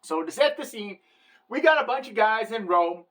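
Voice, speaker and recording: A woman's voice: on the high side, animated, moderate pace, fairly bright tone. Irreverent wisecracking woman comedian. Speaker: comedic satirist. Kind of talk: satirical comedy monologue.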